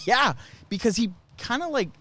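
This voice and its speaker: A man co-hosting a podcast, telling a story in candid, relaxed casual chat. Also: extremely high pitch, a little slow, slight background noise. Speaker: podcast co-host.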